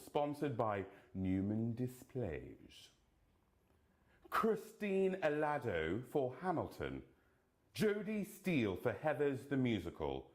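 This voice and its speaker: With a medium-pitched, somewhat dark voice, a man works through a list of award nominations, reading each one deliberately and adding camp humor in the gaps.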